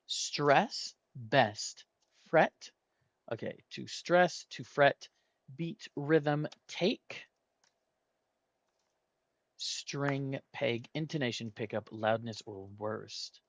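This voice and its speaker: Man solving a word puzzle aloud, unhurried and hesitant, dry close sound. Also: medium pitch, gravelly, dry recording. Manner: muses aloud, hesitant, weighs options slowly. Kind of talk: thinking aloud while playing.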